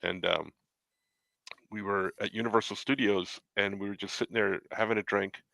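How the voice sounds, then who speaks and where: A man hosting a casual chat, telling an excited story and acting out the dialogue. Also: lowish voice, moderate pace, gravelly, dry recording. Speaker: host.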